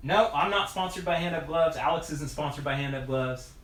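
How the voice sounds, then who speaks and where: A man's voice: fairly high pitch, fairly quick, slight background noise. Chatty man in an echoey room. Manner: rambling, lots of "like" and restarts, chuckles often; relaxed and friendly, talking while working on his bike. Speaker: mountain bike video creator answering live chat. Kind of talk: casual live-stream chat.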